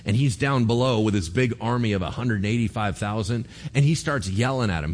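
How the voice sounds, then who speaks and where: A man's voice: on the low side, expressive, a little fast, few pauses, a little mellow. A man preaching a sermon in a casual, conversational way, with slang and playful asides. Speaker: pastor.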